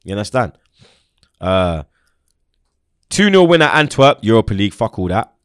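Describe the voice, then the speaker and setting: A young man hosting a football fan show rants heatedly and casually about the game, his lively voice rising and falling, packed with street slang and emphasis. His pitch is fairly low and his pace moderate. The recording is dry and close, with no echo or room sound.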